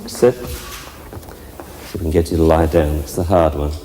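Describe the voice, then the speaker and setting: Dog trainer explaining in an echoey hall. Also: male voice, a bass voice, fairly even intonation, normal speed, warm tone, a little hiss or hum. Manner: chatty, explains while working the dogs, puts on dog voices for fun. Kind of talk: live training demonstration. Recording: echoey hall with faint ambience.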